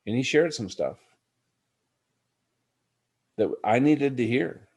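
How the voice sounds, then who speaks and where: A man's voice: medium pitch, expressive, slow, darkish tone, husky. A middle-aged man, a podcast guest, telling a personal story in an earnest, reflective way. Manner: earnest, reflective, addresses the host by name.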